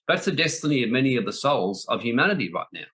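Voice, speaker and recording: In a sing-song, fast-paced delivery, a male spiritual teacher speaks with a bright, forceful voice at ordinary middle pitch. Blunt and emphatic, he doubles up phrases for stress.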